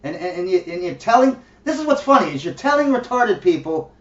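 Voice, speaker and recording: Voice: medium pitch, sing-song, fairly quick. A vlogger in a blunt, profane, mocking rant, often laughing. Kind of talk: ranting monologue. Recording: distant, roomy, dull lo-fi sound.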